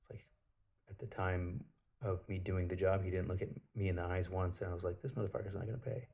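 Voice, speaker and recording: A man's voice: low-pitched, monotone, fairly quick, a little mellow, dull audio. A man telling a personal story in a casual spiritual monologue, blunt and profane, with lots of filler words.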